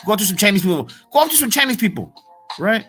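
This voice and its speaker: Guy going off on a profane slangy rant, kinda high voice, soft music underneath. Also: sing-song, fast talker. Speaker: motivational vlogger. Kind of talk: casual ranting monologue.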